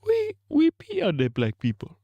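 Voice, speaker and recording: A man doing a shrill, whiny mock-Nigerian accent impression that starts high and swoops low, as a livestream comedy bit. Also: wildly swooping pitch, normal speed, no echo, dull audio, heavily acted. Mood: gleeful.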